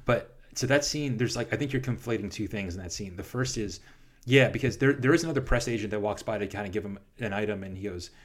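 A man in casual film discussion, animated and quick in bursts, often restarting his sentences. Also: fairly low pitch.

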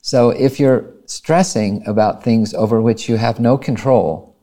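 A man's voice: mid-range voice, dark tone. A man hosting a health podcast, talking in a thoughtful, rambling way. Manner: rambling, thoughtful, halting restarts. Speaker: podcast host, coaching program lead. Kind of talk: casual podcast discussion.

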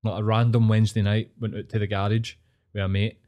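A man with a Glaswegian Scottish accent, co-hosting a podcast, telling stories in a casual, sweary, animated way. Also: on the low side, fast. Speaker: podcast co-host. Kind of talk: casual chat.

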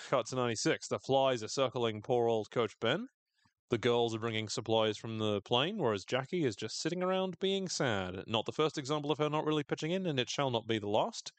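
A man's voice: mid-range voice, lively intonation, normal speed, no room sound. A man co-hosting a podcast, recapping a show in casual chat with sardonic jokes and free swearing. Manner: sardonic, jokey, swears freely. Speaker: podcast co-host.

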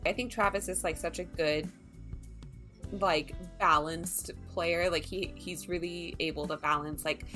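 A woman's voice: on the low side, steady tone, measured pace, sharp tone, faint music behind. A woman in casual podcast chat, giggly and self-deprecating. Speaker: podcast player.

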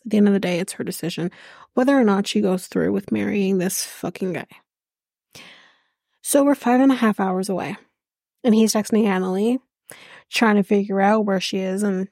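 A woman's voice: mid-range voice, vocal fry, a little mellow, dry recording, clean studio sound. A woman hosting a podcast, recapping a reality show in a blunt, profane, ranting chat.

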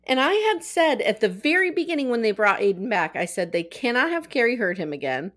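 Chatty woman podcast host, higher voice. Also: very animated, brisk, a bit bright. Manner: chatty, sarcastic, lots of "like". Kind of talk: casual TV recap chat.

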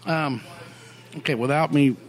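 A middle-aged man, a songwriter guest, telling career stories in a casual interview, animated, rambling and full of swearing. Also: fairly high pitch, unhurried, a little hiss or hum. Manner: animated, profane, rambling storyteller.

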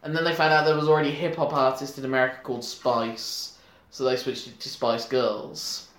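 A man's voice: medium pitch, level tone, brisk, fairly bright tone. A man co-hosting a podcast, chatting casually about a film, rambling with lots of restarts and laughs. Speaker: podcast co-host. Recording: echoey room.

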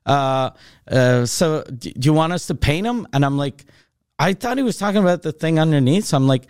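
A man's voice: on the high side, brisk, clear, resonant tone, no echo, clean studio sound. Foul-mouthed male podcast storyteller. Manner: animated, swears constantly, acts out both sides of dialogue. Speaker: comedian podcast host. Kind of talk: casual storytelling chat.

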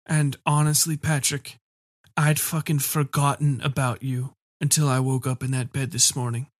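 A man voicing a drugged young woman held captive, answering in a weak, raspy voice with swearing, hostile retorts. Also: medium pitch, level tone, normal speed, no echo, studio quality, natural voice.

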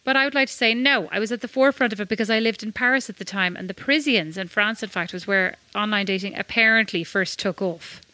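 A woman's voice: medium pitch, fast talker, hardly any pauses, bright, forceful tone, no echo. A woman from Ireland co-hosting a podcast, telling chatty, self-mocking stories in casual conversation. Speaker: podcast co-host. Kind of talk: casual chat.

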